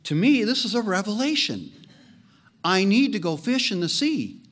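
A man preaching a sermon as pastor, animated and joking, leaning on slow emphatic phrases. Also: high-pitched.

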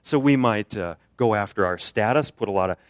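Lively American preacher, dry close sound. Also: male voice, brisk, dry recording. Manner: lively, conversational, rises high for emphasis. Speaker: guest preacher. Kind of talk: sermon. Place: church.

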